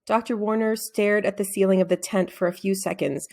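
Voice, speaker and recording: A woman reading a children's novel aloud in an expressive storytelling manner, shifting into character voices. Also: mid-range voice, fairly quick, gravelly, hardly any pauses. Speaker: reader. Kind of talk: children's book read-aloud.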